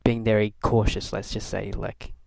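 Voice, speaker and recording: A man's voice: on the low side, level tone, normal speed, creaky, a little mellow, no room sound. A young man from Canada telling a rambling, wry diary-style story, full of fillers and restarts. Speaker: video blogger. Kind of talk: casual rambling diary talk.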